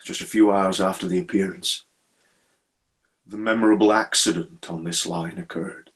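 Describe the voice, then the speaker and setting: A man voicing a haunted, deferential railway signalman who talks haltingly and keeps calling his listener sir, in a live dramatic storytelling. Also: sits low, fairly even intonation, voice pushed down. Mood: hushed, haunted.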